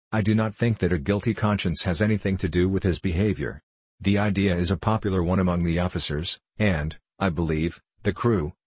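A man reading a story aloud in a measured, even narration with a husky voice. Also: low-pitched, dry recording. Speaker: audiobook narrator. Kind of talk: scripted narration.

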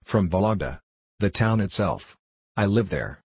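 A man voicing an ailing, pious old pilgrim who speaks slowly and wearily. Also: low voice, lively intonation, darkish tone, slightly rough, dry recording, exaggerated voice. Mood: weary.

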